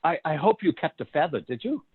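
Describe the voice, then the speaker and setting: A man's voice: a little high, animated, a little fast, slightly rough, narrow, tinny audio. A man in casual chat who tells stories with a lot of energy, laughs often and acts out voices as he goes. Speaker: co-host.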